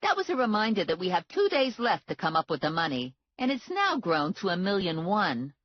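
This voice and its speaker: A brassy, matter-of-fact woman running a bail bonds office, voiced higher and brighter than the narration, as a woman narrator puts her on. She speaks in brisk, lively lines, in a slightly muffled audiobook recording. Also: slight background noise.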